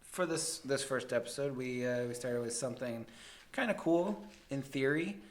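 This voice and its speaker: Midwest dude rambling through a spooky story on a podcast, halting, laughs a lot. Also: male voice, medium pitch. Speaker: podcast co-host. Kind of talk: casual chat.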